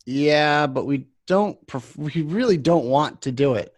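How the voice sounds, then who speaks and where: A man's voice: a little high, lively intonation, unhurried, dry recording. A man hosting a casual chat, telling rambling shop anecdotes with lots of fillers. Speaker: podcast host and vape shop worker.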